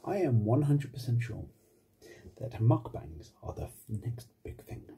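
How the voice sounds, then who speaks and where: A man's voice: medium pitch, very animated, measured pace, dark tone, husky. A married man hosting a casual mukbang ASMR video at home, recorded on a phone, talking in a wry, self-mocking way and swearing casually. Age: adult, married. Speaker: ASMR channel host. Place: home with washing machine and computer running.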